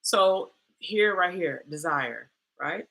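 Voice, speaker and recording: A woman coach telling a candid personal story, animated and dramatic, with slangy asides like "girl" and "baby". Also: lowish voice, moderate pace. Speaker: coach and host.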